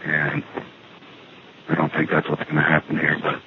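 A man's voice: a bass voice, completely flat delivery, moderate pace, creaky. A man leaving a wry, meandering phone message from a payphone. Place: outdoor payphone. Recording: noisy tinny payphone line.

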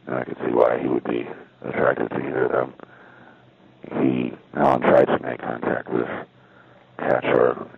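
Man, rambling, hesitant, husky, flat delivery, tinny phone-line sound. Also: extremely low pitch, moderate pace, dry recording. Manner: rambling, hesitant, self-doubting. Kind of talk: casual spoken monologue. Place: at a payphone.

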